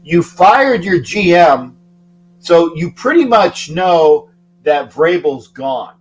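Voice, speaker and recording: A male sports-talk host with a fairly high voice, talking loosely and emphatically. He stumbles over his words and repeats himself before he lands a point. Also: very animated, slow pace, faint music behind, low-quality recording. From Florida. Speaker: show host. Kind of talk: casual sports talk show.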